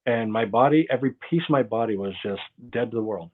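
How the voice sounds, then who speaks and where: A man's voice: mid-range voice, fast talker. Man, interview guest, rambling storyteller, tinny phone-like sound, video call. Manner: rambling, loses his train of thought.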